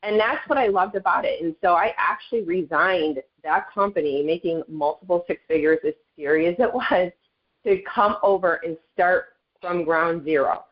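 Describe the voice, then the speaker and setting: Chatty woman, lowish voice, dull call audio. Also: moderate pace. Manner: chatty and earnest, addresses listeners as "you guys". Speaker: network marketing leader sharing her story. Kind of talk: casual motivational talk on a group call.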